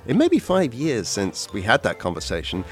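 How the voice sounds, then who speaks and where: An American man hosting a radio feature, with a wry, conversational delivery and a lively, up-and-down pitch. A faint bed of music plays under his voice. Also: normal speed. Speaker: radio host and reporter.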